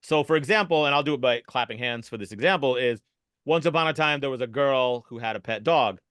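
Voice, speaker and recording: A man, a podcast guest and improv keynote speaker, explaining an exercise with animated energy over a video call. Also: medium pitch, clear, resonant tone, no echo. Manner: animated, fast-talking.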